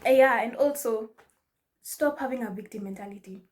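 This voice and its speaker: A young woman giving casual life advice to her viewers, animated and laughing often, mixing in Swahili slang. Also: fairly high pitch, normal speed. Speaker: vlogger. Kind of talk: casual advice talk to camera.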